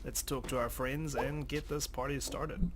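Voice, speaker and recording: A man's voice: mid-range voice, fairly even intonation, measured pace, background noise. A man hosting a let's play, chatting casually and self-mockingly while reading the game's dialogue aloud. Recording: game music playing behind.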